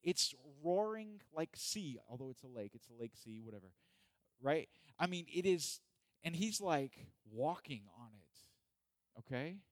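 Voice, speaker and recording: A man's voice: a little high, unhurried, no echo. A man preaching a casual, joking sermon who acts out the people in the story. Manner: animated, joking, acts out voices. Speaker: pastor. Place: church hall.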